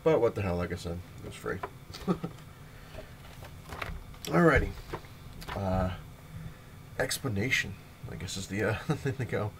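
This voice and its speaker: A young man with a low voice talks through comics in a loose, rambling vlog. He leans on fillers and chuckles as he goes. A faint room hum sits behind him. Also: expressive, measured pace, long pauses. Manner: rambling, filler-heavy retelling with laughs. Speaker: comic book vlogger. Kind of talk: casual comic review vlog.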